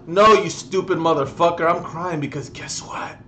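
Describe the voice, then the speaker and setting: A man's voice: on the high side, steady tone, moderate pace, pushed and bright, a little hiss or hum. A young adult man vlogging a comedic, profane rant reviewing music, mocking and exasperated.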